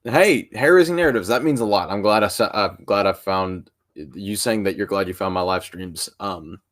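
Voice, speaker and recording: A tired young man chatting casually on a live stream, rambling in an informal way and trailing off softly at the ends of phrases. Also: deep voice, normal speed.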